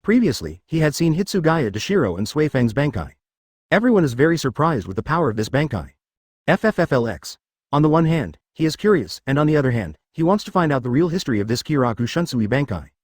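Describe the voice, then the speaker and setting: A man narrating a fan-made story in scripted narration, with a steady reading manner. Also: fairly high pitch, fast talker, dry recording, clean studio sound.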